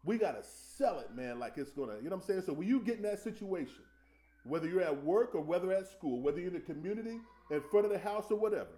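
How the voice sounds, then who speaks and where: A man preaching a Sunday school sermon in a conversational way, asking the room questions and slowing down to stress scripture. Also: high voice, expressive, mellow.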